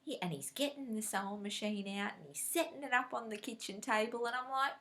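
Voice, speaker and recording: A woman's voice: a little high, a little fast, fairly bright tone. A woman vlogging about cross-stitch in a casual, chatty way, telling stories animatedly, laughing often and acting out what people said.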